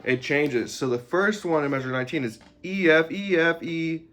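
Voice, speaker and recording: A man teaching an instrument lesson, explaining notes, bowing and music terms in a relaxed, explanatory way with some fillers. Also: on the high side, normal speed.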